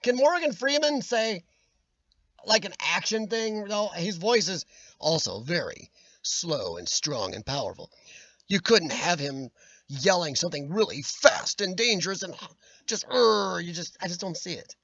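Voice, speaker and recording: Livestream host, a man with a high, nasal, worn voice that cracks at times, joking to chat over a dull, dry webcam. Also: sing-song, unhurried, fairly bright tone, no room sound. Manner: rambling, jokey, laughs often. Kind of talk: casual chat.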